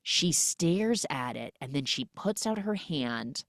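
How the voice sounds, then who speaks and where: A woman with a low voice speaks slowly, recorded in clean studio sound with no echo. Hosting a casual movie recap podcast, she retells scenes animatedly, acting out characters' lines and saying "like" a lot.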